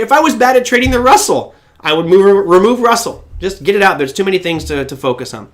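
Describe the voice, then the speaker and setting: A man hosting a live-stream market show, chatting casually with viewers and telling animated stories. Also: on the high side, fairly quick. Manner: animated storyteller who breaks into impressions. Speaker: trading show host.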